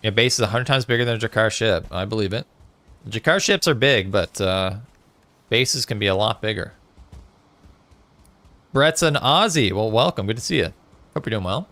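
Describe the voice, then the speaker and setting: A man's voice: fairly low pitch, lively intonation, moderate pace, long pauses, pushed and bright, dry recording. A man chatting casually with viewers on a live gaming stream, reading out chat messages with lots of fillers. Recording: faint music behind.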